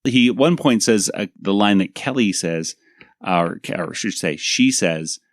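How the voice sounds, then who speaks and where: A man's voice: fairly low pitch, animated, moderate pace, no echo, studio quality. A man hosting a podcast, reviewing a cartoon episode in rambling casual chat full of fillers. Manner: rambling, many fillers, laughs easily. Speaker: podcast host.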